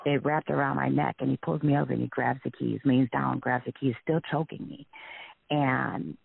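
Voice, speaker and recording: A man telling a frightening personal story in a halting, shaken way, with many restarts. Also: medium pitch, fairly even intonation, creaky, slightly rough, dry recording. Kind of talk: emotional personal testimony. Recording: tinny phone-line recording.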